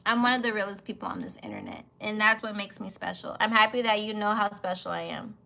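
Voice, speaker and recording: A woman's voice: medium pitch, animated, fast, gravelly, sharp tone. A woman in her twenties chatting casually as a vlogger, playful and slangy, laughing often. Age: 20s. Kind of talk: casual chat reacting to comments.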